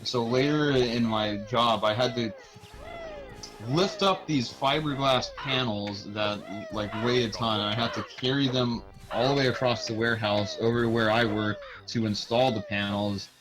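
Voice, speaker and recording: A man's voice: medium pitch, steady tone, normal speed, poor audio. Rambling, profane young man chatting. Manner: rambling, profane, many restarts. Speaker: speedrunner. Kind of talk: casual chat while playing. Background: game music.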